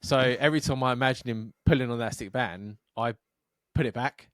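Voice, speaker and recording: A man in casual podcast chat who tells long, rambling, sweary stories and slips into the voices of the people in them. His pitch sits in the middle for a man. The sound is dry and close, with no room around him. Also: a little fast, fairly bright tone, no room sound. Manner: sweary, rambling storytelling with acted-out quotes. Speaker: podcast co-host.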